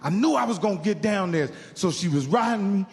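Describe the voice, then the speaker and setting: A man's voice: sits high, lively intonation, brisk, in a large hall. A man from Indiana doing stand-up, telling a profane story and acting out the other people in it. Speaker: stand-up comedian. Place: live comedy venue.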